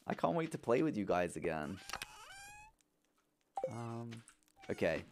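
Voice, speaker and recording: Young male streamer, low-ish voice, playful banter with chat, light background hiss. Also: sing-song, slow pace, pauses often, a little mellow. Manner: playful, talks to chat, coos at his pet. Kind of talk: live gameplay streaming.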